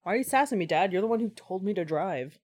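A young woman chatting about a movie in a laid-back way, often trailing off quietly. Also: medium pitch, expressive, fast talker. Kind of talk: casual movie reaction chat.

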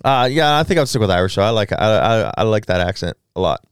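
Man, easygoing podcast co-host, laughs a lot, animated pitch, dry sound. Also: quick pace, clean tone, no room sound. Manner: easygoing, laughs often, reads facts aloud. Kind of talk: casual banter.

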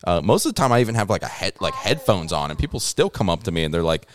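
A man's voice: deep voice, big pitch swings, fast talker, slight background noise. A man on a podcast ranting casually, swearing a lot and leaning on fillers like "you know" and "like". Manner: profane, ranting, many fillers. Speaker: podcast host. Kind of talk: casual chat.

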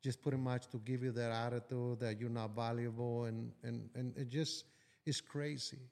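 Blunt, mellow-voiced man on a podcast. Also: medium pitch, moderate pace, vocal fry. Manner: blunt and profane, animated storytelling. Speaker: business owner guest. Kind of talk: casual podcast conversation.

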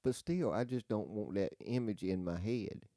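A man in casual chat with friends, teasing in a deadpan way. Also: fairly low pitch, normal speed, no echo, clean studio sound.

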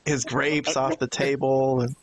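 A man's voice: mid-range voice, little pitch movement, unhurried, crowd noise. A man hosting a podcast in casual chat, recounting events with fillers and steering the discussion. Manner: storytelling, hesitant fillers, steers the talk. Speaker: podcast host.

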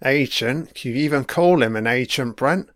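A man's voice: medium pitch, normal speed, fairly bright tone, no echo, clean studio sound. A man giving crude, profane live reaction commentary while watching an episode. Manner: crude, profane running remarks.

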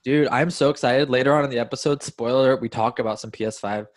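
A man's voice: medium pitch, fast talker. A man hosting a podcast on a headset over a video call, easygoing and laughing often in casual chat. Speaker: podcast host.

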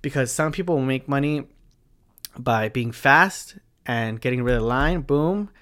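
A man's voice: mid-range voice, unhurried, a bit bright. A young man who works as a bartender gives advice in a casual monologue. He talks frankly and chattily, swears freely, and keeps adding asides.

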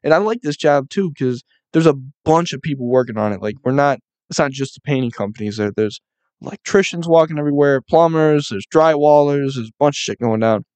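A man's voice: fairly high pitch, animated, brisk, darkish tone, dry recording. A young man who works as a construction painter, ranting casually and rambling, with heavy swearing and lots of "like" fillers. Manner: profane, rambling, many "like" fillers.

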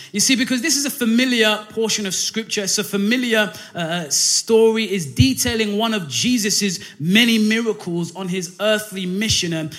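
A young man preaching a lively, joking church sermon, often asking for amens, with many fillers. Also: sits high. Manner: energetic, jokey, calls for amens, many fillers. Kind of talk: church sermon with call and response.

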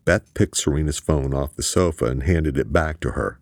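A man narrating an audiobook in an expressive, crude, scripted style. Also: a bass voice, normal speed, no echo, studio quality.

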